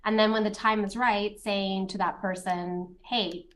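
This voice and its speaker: A woman's voice: medium pitch, flat delivery, normal speed, fairly bright tone. A middle-aged woman lawyer answering interview questions in a chatty storytelling way, with light laughs.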